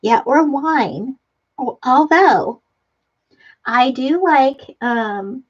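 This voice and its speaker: A woman's voice: sits high, animated, extremely slow, pauses often, slightly rough. Giggly chatty woman on a lo-fi stream. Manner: giggly, chatty, laughs often. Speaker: live stream host. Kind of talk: casual live-stream chat reading comments. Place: home craft room. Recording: dull lo-fi live-stream audio.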